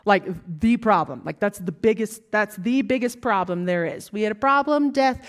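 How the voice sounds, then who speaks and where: A woman with a Southern US accent delivers a sermon in an expressive, medium-pitched voice at a moderate pace. Emphatic rising lines alternate with soft, whispered asides.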